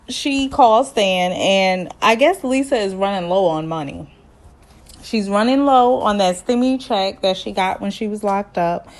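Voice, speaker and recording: Woman for a casual, sassy reality-show recap, slangy and animated, jumps into other voices. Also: medium pitch.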